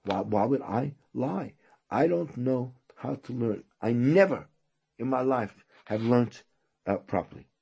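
A man's voice: medium pitch, animated, unhurried, gravelly, warm tone, husky, muffled recording, heavily acted. A man voicing a humble holy man who insists he knows nothing. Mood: modest. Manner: pleading, self-effacing.

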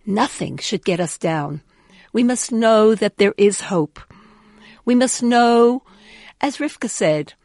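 An earnest woman tells an uplifting story, leaning on repeated words for emphasis. Her voice is mid-pitched and recorded dry and close, with no room echo. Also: lively intonation, takes it slowly, a little mellow. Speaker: inspirational speaker. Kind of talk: inspirational storytelling talk.

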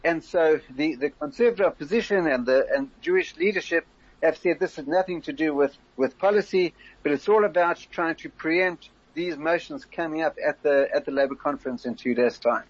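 A husky-voiced older man with a fairly high pitch speaks in a measured, explanatory way as a radio interview guest. He restarts phrases as he works through his points. The sound is muffled and lo-fi. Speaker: interview guest, former community leader.

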